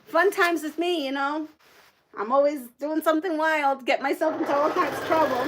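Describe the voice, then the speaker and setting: A middle-aged woman hosting a livestream, telling a story in casual chat, laughing often and animated. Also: high voice, background noise. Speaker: livestream host.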